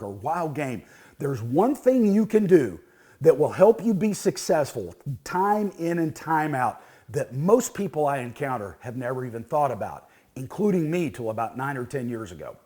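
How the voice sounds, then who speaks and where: A man in his fifties hosts a cooking show, spinning a folksy story for a cooking tip. His voice sits high and swings widely in pitch as he talks. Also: a little mellow. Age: 50s.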